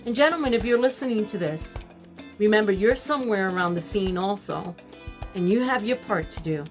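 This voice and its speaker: Older woman, homemaking vlogger; warm, preachy devotional chat. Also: medium pitch, expressive, brisk, soft background music. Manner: warm, preachy, addresses viewers as ladies. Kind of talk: casual devotional talk to viewers.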